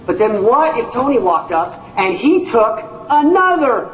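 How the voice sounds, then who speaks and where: A man giving a lively, jokey sales presentation at a whiteboard, making his points through stories. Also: very high-pitched, a little slow, highs cut off, slight background noise. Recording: echoey room, mic far off, faint ambience.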